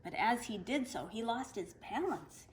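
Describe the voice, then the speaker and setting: A woman reading a folktale aloud to children, expressive and animated. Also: a little high, unhurried, rough recording. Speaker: children's storyteller.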